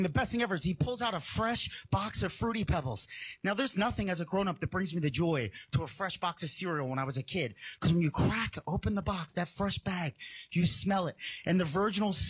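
A man doing a stand-up routine, telling a story in an animated way and jumping into squeaky voices for the people he quotes. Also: slightly rough. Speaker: stand-up comedian.

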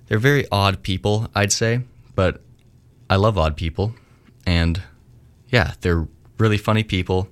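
A man's voice: deep voice, a bit bright. A young man hosting a radio show, chatting casually and rambling between songs, with a slightly slurred way of talking. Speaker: radio host.

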